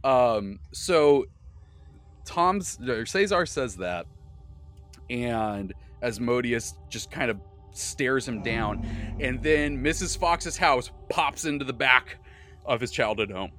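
A man hosting a podcast, recapping a tabletop game he ran, animated and swearing freely. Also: medium pitch, slow, soft background music. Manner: animated, swearing, frequent laughter. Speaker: podcast host and game master.

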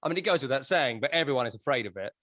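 A man's voice: mid-range voice, expressive, rapid-fire, pushed and bright, dry recording, studio quality. A man hosting a podcast, telling stories in a chatty, wry way. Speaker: podcast host. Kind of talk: casual podcast chat.

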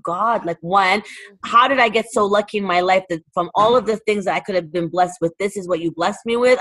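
A woman from Toronto who runs a charity, talking casually in an interview, animated and full of fillers. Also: mid-range voice. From Toronto, Canada. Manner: animated, fillers of "like", acts out quotes. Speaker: charity founder.

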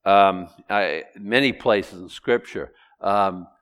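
A middle-aged pastor preaching an expository sermon, animated, acting out Bible voices and quizzing his congregation. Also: sits low, takes it slowly, smooth. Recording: long hall reverb.

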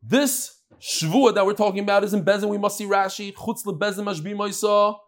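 Animated high-voiced man teaching Talmud. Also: a little fast. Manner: mixes Hebrew and Aramaic terms with English explanations; animated, jumping pitch and pace. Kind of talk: daily Talmud class.

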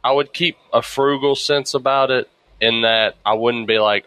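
Casual talker, male, bright forward tone, swears a lot, tells animated stories. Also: medium pitch, moderate pace, clean tone, no room sound, low-quality recording. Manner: profane, rambling, animated storytelling. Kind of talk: casual chat.

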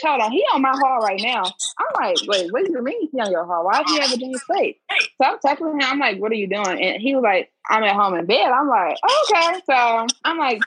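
A young woman hosting a podcast, telling a story in casual chat, animated and swearing freely, acting out quotes. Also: mid-range voice, slightly rough. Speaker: podcast host. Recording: muffled lo-fi recording.

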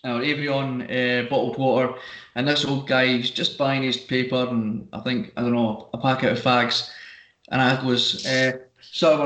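A man's voice: mid-range voice, a bit bright. A man, chatting casually on a podcast and telling stories while now and then slipping into put-on voices. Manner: storytelling with bursts of put-on voices. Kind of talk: casual chat. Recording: echoey room.

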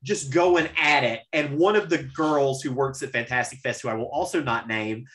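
A podcast host tells stories animatedly in a casual chat, swearing freely. He speaks at normal speed in a mid-range voice.

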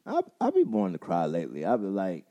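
A young man with a fairly low voice chats casually on a podcast. He talks in a relaxed, slangy way and laughs often as he tells stories. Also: fast. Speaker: podcast co-host and school teacher.

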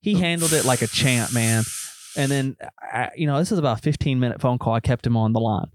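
A man's voice: mid-range voice, a little fast, slight background noise. A man chatting on a podcast, telling rambling jokey stories. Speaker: podcast co-host. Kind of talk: casual chat.

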